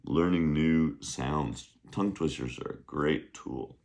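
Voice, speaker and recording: A man's voice: a bass voice, slow, gravelly, a little mellow. A man teaching a casual language lesson, upbeat and drilling words for repeating, his voice worn from a long day of recording. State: losing his voice. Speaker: Mandarin teacher. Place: beach, outdoors.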